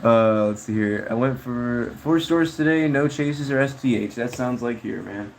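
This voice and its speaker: A man's voice: mid-range voice, moderate pace, a little hiss or hum, rough recording. A man chatting casually on a livestream, reading chat in a rambling, slangy way with frequent laughs.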